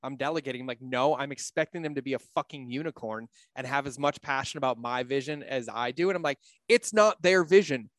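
A man's voice: medium pitch, a little fast, few pauses, a bit bright, no room sound, clean studio sound. Blunt, candid man on a podcast. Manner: blunt, candid, swears freely. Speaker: podcast guest, business coach. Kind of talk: casual podcast conversation.

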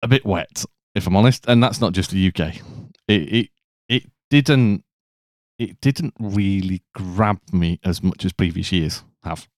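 A man's voice: low-pitched, unhurried, darkish tone, no room sound. A man co-hosting a casual podcast chat, explaining things in a chatty way. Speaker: podcast co-host.

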